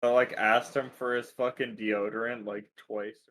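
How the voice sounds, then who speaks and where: A man's voice: medium pitch, little pitch movement, normal speed, fairly bright tone. A young man with a mid-range voice, trading crude jokes as a podcast co-host. A faint hiss runs underneath. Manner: joking, crude banter. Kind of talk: casual chat.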